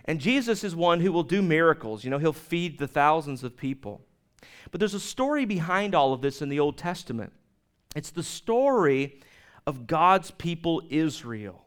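A male pastor delivers a sermon with a fairly high, smooth and resonant voice. He tells stories in an animated, conversational way and talks straight to his listeners. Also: moderate pace. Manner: conversational, animated storytelling with laughs and asides.

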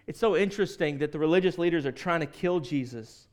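A man's voice: a little high, fast talker. A male pastor preaching a sermon in a conversational storytelling manner, often correcting himself mid-sentence.

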